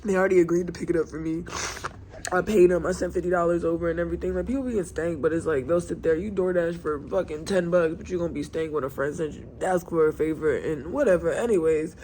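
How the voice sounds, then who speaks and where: A woman's voice: fairly low pitch, quick pace, dark tone, a little hiss or hum. A young woman chatting casually at home in a vlog, rambling and venting in loose slang. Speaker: vlogger.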